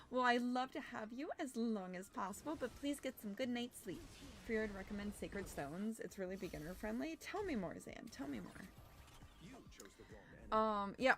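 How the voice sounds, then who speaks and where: A young adult woman streamer chatting casually while gaming, rambling with fillers and sounding a little hoarse as her voice recovers. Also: fairly high pitch, a little hiss or hum. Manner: animated greetings to chat. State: slightly hoarse from overuse, recovering.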